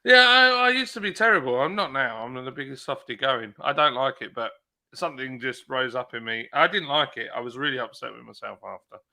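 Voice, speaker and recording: A man hosting a live stream, chatting casually and telling stories in an animated way, acting out his own shouting. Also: medium pitch, brisk, gravelly. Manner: animated storyteller, acts out shouting. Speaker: streamer host. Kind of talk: casual chat.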